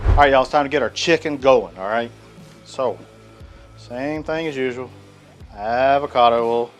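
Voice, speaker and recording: A man chats his way through a cooking demonstration in a folksy tone. His voice sits at an ordinary middle pitch. Food sizzles on a griddle with soft music underneath. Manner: folksy, chatty, with many fillers. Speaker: cooking channel host. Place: outdoor griddle.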